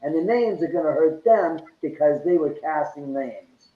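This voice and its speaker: Man, high voice, animated storyteller, acts out quotes, roomy echo, lo-fi sound. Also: moderate pace. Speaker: guest. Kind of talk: casual storytelling interview. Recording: echoey, dull lo-fi sound.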